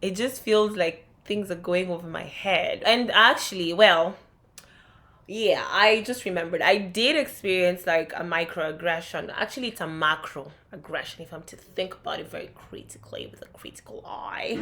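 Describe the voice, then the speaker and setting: A woman's voice: lowish voice, moderate pace, sharp tone. A young woman from Kenya with a Kenyan accent, talking candidly and reflectively in a vlog. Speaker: vlogger.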